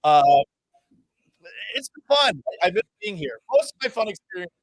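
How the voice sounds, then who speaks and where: A fairly high-voiced man, a sports radio host, tells lively anecdotes with plenty of swearing and jokes at his own expense. He is from Massachusetts. The sound is dry and close. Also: moderate pace, dry recording. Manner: self-deprecating, profane, animated anecdotes. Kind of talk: casual storytelling in a podcast interview.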